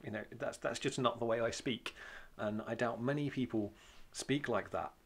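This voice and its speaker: A man's voice: mid-range voice, normal speed. A man with a Welsh accent giving an informal church talk on prayer, plain-spoken and conversational, with many fillers and repeated phrases for emphasis. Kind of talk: informal sermon teaching.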